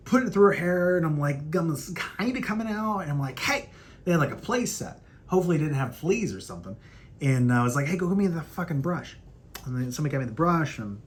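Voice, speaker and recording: A young man hosting a casual podcast, telling a story in a loose, profane way and acting out quotes in a higher voice. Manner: animated, profane, acts out quotes in raised pitch. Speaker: podcast host.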